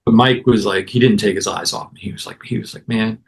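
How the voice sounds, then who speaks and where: A man, a guest musician, casually telling an animated anecdote and acting out other people's lines. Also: lowish voice, fast talker, vocal fry. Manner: animated anecdote with acted-out quotes. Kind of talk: casual storytelling.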